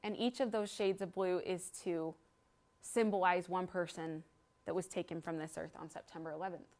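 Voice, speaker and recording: A woman's voice: on the low side, fairly even intonation, moderate pace, darkish tone. A woman in her thirties giving an earnest talk to a live audience, telling a story and guiding them through an exercise. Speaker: speaker at a library event.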